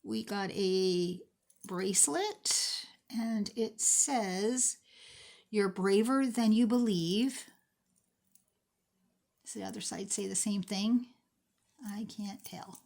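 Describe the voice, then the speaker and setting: A woman's voice: mid-range voice, slow pace, creaky, long pauses, darkish tone. A woman in her forties chatting casually as she sorts and prices thrifted jewelry, teasing herself as she goes. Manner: chatty, self-mocking, talks to herself while sorting. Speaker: thrift jewelry unboxing vlogger. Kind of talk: casual unboxing commentary.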